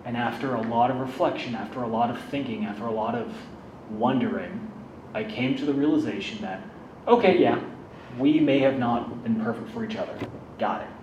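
A man's voice: mid-range voice, a little fast, darkish tone, muffled recording. A man candidly telling a self-deprecating personal story about his recovery, in a casual, conversational way. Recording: roomy, distant mic, background noise.

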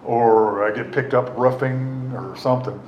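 A man's voice: medium pitch, steady tone, a little slow, muffled recording. A middle-aged man telling his recovery story in a rambling, wry way, full of fillers and restarts. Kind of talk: casual spoken storytelling. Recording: roomy echo, faint noise.

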